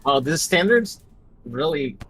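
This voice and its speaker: Wry non-native English speaker on a call. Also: male voice, on the high side, very animated, a little slow, a bit bright, a little hiss or hum, poor audio. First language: not English. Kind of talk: casual chat on a call.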